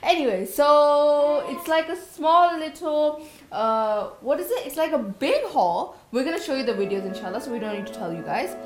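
A young adult woman chatting casually as a mother in a family vlog, animated and full of filler words. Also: high voice, moderate pace, hardly any pauses, faint music behind, poor audio. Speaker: vlogger and mother.

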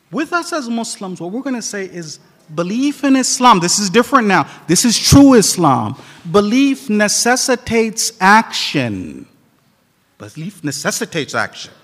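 A man preaching a sermon to a congregation, animated and quoting Arabic scripture. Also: very high-pitched, long reverb tail. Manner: animated, acts out quoted dialogue.

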